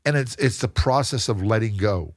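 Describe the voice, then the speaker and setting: A man, a guest in an interview, telling his story in a lively way and acting out the people he quotes. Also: fairly low pitch, normal speed, dry recording, studio quality. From United States. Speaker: guest, real estate investor.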